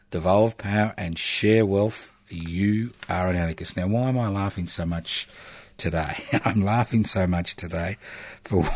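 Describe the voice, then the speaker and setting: A very deep-voiced Australian man hosts a community radio show from a dry, close-miked studio. He delivers political commentary in a sardonic way, chuckling often and leaning on emphatic pauses. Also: no room sound. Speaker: radio host.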